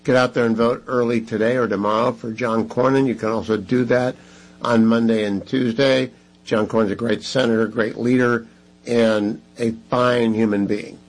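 Guy on talk radio, pushy and emphatic, kinda husky, soft music under him. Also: fairly even intonation, normal speed, rough recording. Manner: emphatic, pleading, repetitive fundraising pitch. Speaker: radio talk show host.

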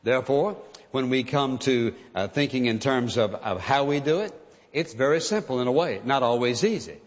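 A man's voice: mid-range voice, expressive, moderate pace. A man preaching a sermon in an earnest, emphatic way, sometimes acting out pleading prayers. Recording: dull sound with long hall reverb.

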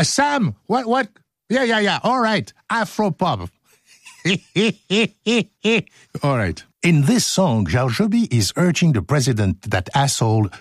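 A man's voice: mid-range voice, breathy edge, dry recording. A male radio host reading his script in the studio, joking and laughing at his own slips.

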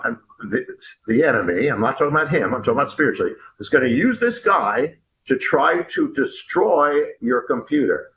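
A man who is an author and guest, telling a story about himself in an animated, halting way, with many restarts and repeated words. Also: medium pitch, slight background noise. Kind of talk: animated first-person storytelling. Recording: echoey room.

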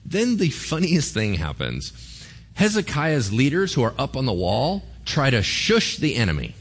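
Animated man preaching with sweeping pitch. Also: normal speed, slightly rough. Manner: animated, conversational, asks the crowd rhetorical questions. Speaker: pastor. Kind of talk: sermon.

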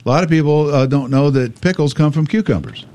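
A man's voice: fairly high pitch, fairly quick, a little hiss or hum. A man hosting a radio show, talking through a list of trivia in casual, joking banter. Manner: chatty, jokey, animated delivery.

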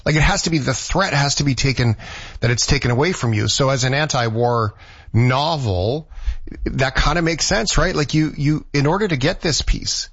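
A man hosting an interview, casual and animated in his talk, laughing easily. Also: mid-range voice, normal speed, husky, no echo. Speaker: interviewer host. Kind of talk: podcast interview. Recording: dry, dull lo-fi sound.

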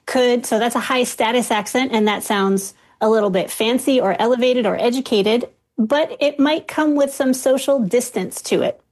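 A woman linguist speaking as a radio guest, explaining in a clear, measured way. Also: a little high, a little mellow. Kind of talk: explanatory interview talk.

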